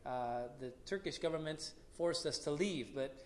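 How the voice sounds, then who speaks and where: A man in his forties, a missionary speaking to a church congregation, relaxed and unhurried with many "uh" pauses, and leading a short prayer. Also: a little high. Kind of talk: casual church talk with a prayer.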